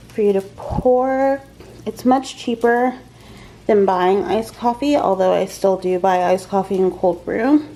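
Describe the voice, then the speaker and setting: Over the faint whir of a kitchen fan and sizzling from the pan, a woman with a mellow, mid-range voice narrates her cooking for a home vlog. She's chatty and fills her explanations with frequent ums.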